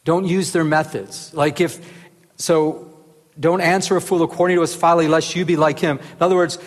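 Male Bible teacher, high voice, earnest and conversational, echoing hall. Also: moderate pace. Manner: earnest, rises into animated emphasis, often asks "remember?". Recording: reverberant hall.

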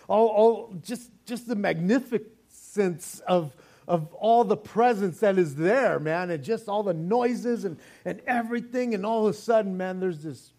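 Older male pastor, fairly high voice, animated joking sermon delivery. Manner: animated, joking preacher with many restarts.

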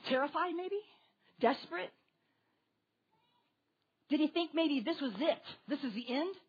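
A woman preaching a sermon to a congregation with children, animated and asking her listeners questions directly. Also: high voice, unhurried, muffled recording.

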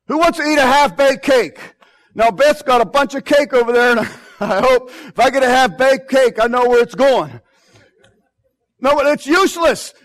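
A pastor delivers a sermon from his church with a strikingly high voice. He preaches emphatically, repeating key phrases and swinging between loud declarations and quiet asides.

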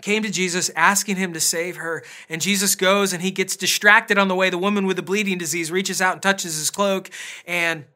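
A man preaching in a relaxed, conversational way, with a bright, clear tone. He slips easily into personal stories and pokes fun at himself between points. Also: sits high. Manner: chatty and self-deprecating, with storytelling asides. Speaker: pastor. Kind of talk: casual conversational sermon.

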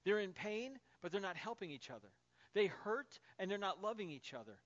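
A man in his thirties preaching a sermon as a pastor, telling stories in an animated, conversational way with fillers. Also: high voice, brisk, highs cut off.

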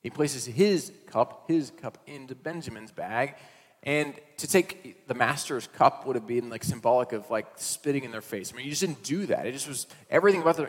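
A male pastor preaching a sermon, mid-pitched, telling the story in a loose, conversational way with casual asides. His voice carries a long reverb from a large hall. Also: expressive, fairly quick, a bit bright.

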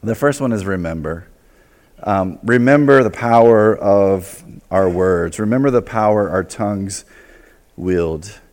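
A man preaching a sermon as pastor, in a loose, conversational way, acting out quick asides. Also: lowish voice, a little mellow, in a large hall. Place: church sanctuary.

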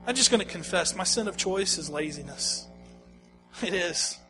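A man preaching a sermon, moving from hushed, slow lines to loud, pleading ones and repeating phrases for emphasis. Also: sits high, lively intonation, music in the background, rough recording. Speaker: pastor.

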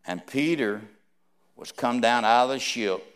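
A man preaching a sermon, reading scripture aloud and swinging between hushed, slow lines and loud, rising ones. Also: mid-range voice, clean tone.

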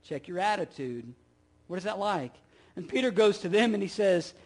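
A middle-aged man preaching with a notably high voice. He pushes his points with rising, swelling emphasis and repeated phrases, then drops low and quiet for asides. He keeps asking the listeners rhetorical questions. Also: lively intonation, normal speed. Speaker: pastor. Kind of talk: sermon.

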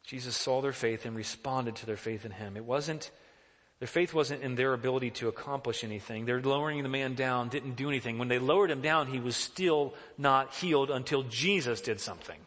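Earnest preacher with a bright voice. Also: male voice, mid-range voice, fairly quick, long reverb tail. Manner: earnest, questioning, emphatic. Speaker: pastor. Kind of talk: sermon.

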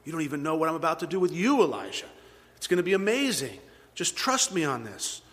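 A man preaching a sermon, moving between loud emphatic peaks and hushed, near-whispered passages. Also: a little high, sing-song, fast talker. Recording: long hall reverb.

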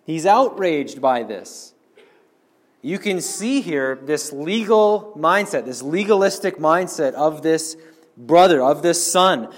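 A man's voice: fairly high pitch, lively intonation, a little slow. A man preaching a sermon, earnestly explaining and speaking directly to the congregation.

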